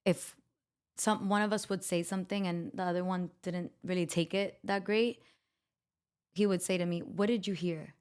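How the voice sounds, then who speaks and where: A woman's voice: on the low side, level tone, moderate pace, a little mellow, smooth. Chatty woman host telling stories. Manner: chatty, candid and self-mocking, quotes dialogue. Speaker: podcast host. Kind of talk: casual storytelling chat.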